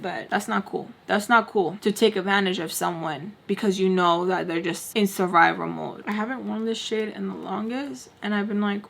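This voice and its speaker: A woman's voice: medium pitch, moderate pace, vocal fry, fairly bright tone. A young adult woman vlogger telling a storytime while doing her makeup, talking emphatically and saying "like" a lot, with murmured asides. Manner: emphatic, peppers talk with "like", drops to murmured asides.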